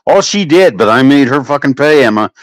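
This man talks fairly quickly on a dry recording while hosting a laid-back livestream from home. Swearing fills his crude stories, and his pitch swings about lively.

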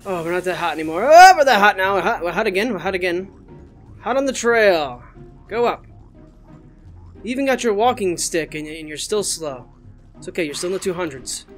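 An excitable channel host gives casual gameplay commentary, cracking jokes and cursing at the game's creatures. Faint music plays underneath the voice. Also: mid-range voice, brisk, pauses often. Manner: excitable, jokey and profane, talking to game creatures.

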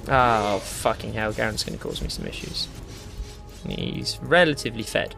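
A man's voice: fairly low pitch, moderate pace, gravelly, faint music behind. A young man giving live gameplay commentary, ranting and swearing as he plays. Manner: ranting, swears a lot, excitable. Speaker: gamer.

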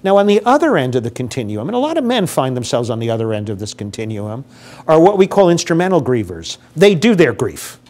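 A man's voice: medium pitch, sing-song, a little fast, darkish tone. An older man giving a public lecture on grief to a live audience, speaking conversationally, asking the audience questions and acting out what grieving people say.

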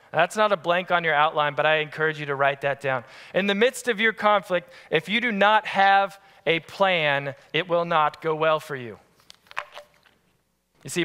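A man preaching a sermon as pastor, telling family stories in an animated, lively way. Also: fairly high pitch, clear, resonant tone. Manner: animated, acts out family scenes. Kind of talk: storytelling sermon. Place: church sanctuary. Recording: long church-hall reverb.

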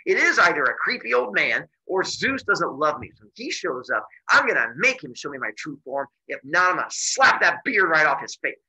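A man voicing a hot-tempered young mortal woman who sasses and yells at her lover. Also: fairly high pitch, sing-song, normal speed, few pauses, breathy edge, heavily acted, low-quality recording. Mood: angry sass. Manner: sassy, yelling.

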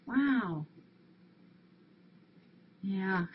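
A woman's voice: mid-range voice, a little slow. Brief: woman on a casual live stream from a cat rescue, cooing fondly at the cats over muffled audio. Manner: coos affectionately at cats. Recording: dull lo-fi stream audio, faint hiss.

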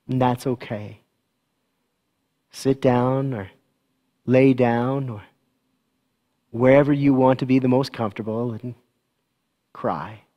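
Gentle-voiced pastor speaking slowly. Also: male voice, mid-range voice, lo-fi sound. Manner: gentle, slow and soothing with children. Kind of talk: church service announcements and children's talk. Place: church.

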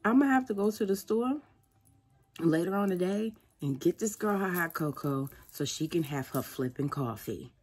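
A woman's voice: on the low side, expressive, moderate pace, darkish tone, slightly rough. A woman in her thirties, a vlogging mom telling funny family stories to the camera and often laughing. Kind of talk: casual storytelling to camera.

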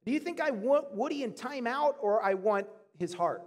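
A man preaching a sermon as a pastor, animated, acting out quoted arguments in a raised voice. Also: very high-pitched, normal speed. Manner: animated, acts out arguing with God in raised voice. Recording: long hall reverb.

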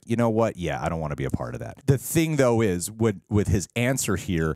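A man hosting a casual entertainment news chat, jokey and animated, acting out quotes in big voices. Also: low voice, dry recording, studio quality. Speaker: podcast host.

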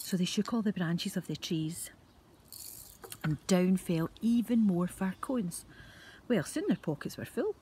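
An older Scottish grandmother spins a story for little ones at home, gentle and lively, pausing to pull the children in. Her voice sits fairly low, with a faint hiss of background noise. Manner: gentle, animated, drawing children in. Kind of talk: telling a bedtime story to children.

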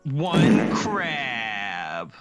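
A man's voice: on the low side, big pitch swings, drawn-out words, over loud music. A man chatting playfully while streaming a game with a friend, drifting into silly voices. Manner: playful, slips into silly put-on voices and cries out. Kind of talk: casual live game chat.

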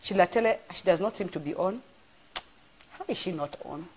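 A middle-aged woman, preaching an informal live-streamed sermon as an animated storyteller full of exclamations. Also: fairly low pitch, moderate pace, a little hiss or hum. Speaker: church apostle.

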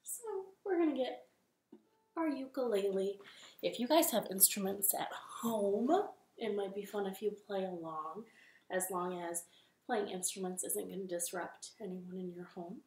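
A young woman in her living room leading a children's storytime, speaking in a gentle, encouraging way. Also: mid-range voice, measured pace. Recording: echoey home room with ukulele.

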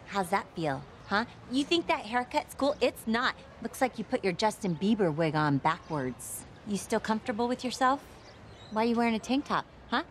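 A woman's voice: mid-range voice, slight background noise, natural voice. An actress playing a hot-tempered pregnant mother who rants, taunts, then apologizes in a flustered rush. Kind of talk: film comedy acting.

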